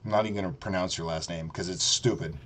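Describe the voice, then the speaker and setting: A man's voice: deep voice, fairly even intonation, quick pace, noisy background. A man streaming a profane, mocking rant, heated and sarcastic. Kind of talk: ranting commentary.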